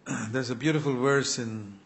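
A man's voice: medium pitch, steady tone, unhurried. Earnest older man preaching a sermon. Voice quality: clears his throat often. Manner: earnest, pleading, with quoted prayers.

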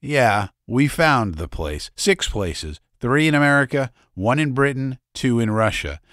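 A man voicing a gruff older revolution veteran in an audiobook, telling war stories in a deep, furry voice with boastful swagger. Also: expressive, measured pace, fairly bright tone, no echo, studio quality. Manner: boastful, beer-soaked storytelling. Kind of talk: audiobook character voice.

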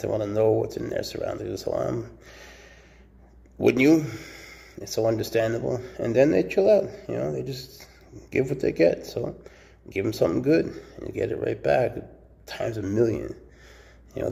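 A laid-back man keeping snakes, chatting casually to the camera and talking softly and coaxingly to his animals. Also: lowish voice, gravelly, slightly rough. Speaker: snake keeper.

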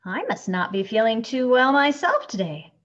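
A woman voicing a prim, rule-bound hospital clerk who speaks briskly and officiously, on a dull recording. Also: a little high, sing-song, fairly bright tone, pitched above the performer's own voice.

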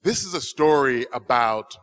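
A man telling a children's story at church with animated, expressive delivery. His voice is bright and fairly high for a man, with lively swings in pitch. He speaks slowly and deliberately. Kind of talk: children's sermon.

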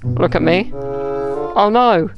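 Slow, gravelly gamer. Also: medium pitch, lo-fi sound, music in the background. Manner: muttering to himself, swearing, mock-dramatic taunts. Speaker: gaming YouTuber. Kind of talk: casual gameplay commentary.

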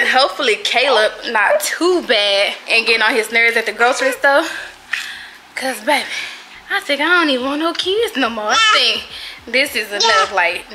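Animated young woman vlogging over background noise. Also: fairly high pitch, rough recording. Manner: animated and emphatic, laughing often, loud when the baby cries. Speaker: vlogger babysitting her niece and nephew. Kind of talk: casual vlog talk to viewers.

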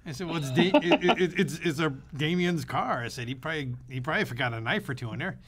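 A man co-hosting a podcast, telling a story in casual chat with an animated manner, swearing freely and acting out the voices of the people he quotes. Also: fairly high pitch, fast talker, a crowd in the background. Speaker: podcast co-host.

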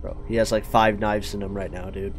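A man's voice: fairly low pitch, flat delivery, a little fast, soft background music. A man giving casual, jokey let's-play commentary into a desk microphone, chatting to the characters on screen. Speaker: gaming YouTuber.

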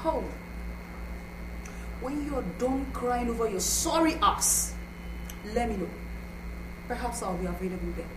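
Scornful shouting woman with a Nigerian accent. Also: a little high, expressive, a little slow, pauses often, heavy background noise. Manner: taunting, shouting insults. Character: scheming jealous young woman, scornful. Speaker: actor in a film drama.

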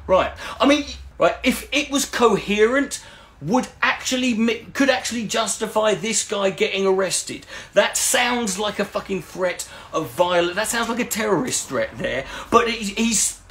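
Sarcastic sweary man, lively pitch. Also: normal speed, a little hiss or hum. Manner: mocking, sweary, rambling with restarts. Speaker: YouTube commentator. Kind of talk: sarcastic commentary reading out comments.

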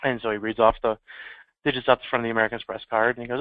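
A man's voice: medium pitch, little pitch movement, rapid-fire, dry recording. A man giving a conversational security training talk, telling anecdotes in an informal way. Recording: tinny phone-like dry sound.

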